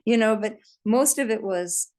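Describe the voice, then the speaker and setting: A woman's voice: fairly high pitch, a little slow, darkish tone. A woman leading a workshop, telling personal stories in an earnest, conversational way with occasional laughs. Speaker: workshop leader. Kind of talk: storytelling workshop talk.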